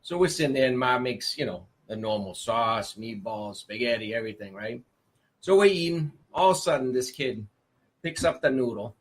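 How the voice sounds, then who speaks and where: A man, telling a family story as a guest in an animated way. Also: mid-range voice, moderate pace.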